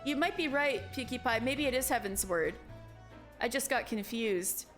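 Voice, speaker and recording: A woman's voice: on the high side, normal speed, a bit bright, soft background music. A woman streamer chatting casually while playing, musing aloud as she works things out. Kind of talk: casual game-stream chat.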